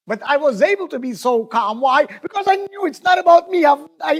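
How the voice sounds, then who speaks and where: A man's voice: very high voice, lively intonation, moderate pace, hardly any pauses. A man, a rabbi, teaching a class in a conversational, storytelling way, addressing his listeners directly and often restarting his words. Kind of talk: spoken Torah lesson.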